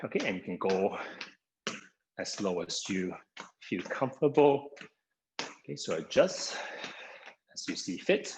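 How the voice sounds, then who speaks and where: A man's voice: deep voice, expressive, normal speed, long pauses, a little mellow, slight background noise, low-quality recording. A man instructing a live online exercise class, a little out of breath, opening nearly every cue with "okay" and counting down the seconds. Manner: begins most cues with "okay", counts down seconds. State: somewhat out of breath. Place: home via video call. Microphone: video call microphone.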